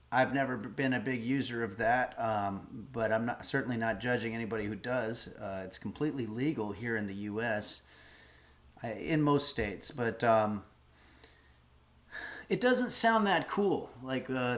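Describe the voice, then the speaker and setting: A middle-aged man chats casually on a livestream, thinking out loud and rambling from one thought to the next. His voice sits in an ordinary mid pitch for a man. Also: unhurried. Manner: rambling, musing aloud. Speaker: streamer host. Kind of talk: casual livestream chat, reading donations and a recipe.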